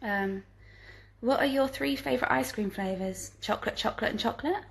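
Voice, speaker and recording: A woman's voice: a little high, fairly quick, creaky, low-quality recording. A woman at home answering viewer questions in a casual livestream, reading each question aloud and then replying in a chatty way. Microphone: phone livestream.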